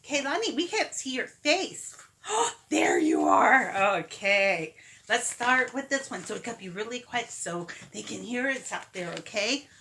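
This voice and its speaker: A mother reads a picture book to her little ones with a high, bright voice. She takes an unhurried pace, coaxing and playful as she gets them to repeat the sounds with her. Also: sing-song, a little hiss or hum. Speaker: mother reading to her children. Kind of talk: reading a picture book aloud to toddlers.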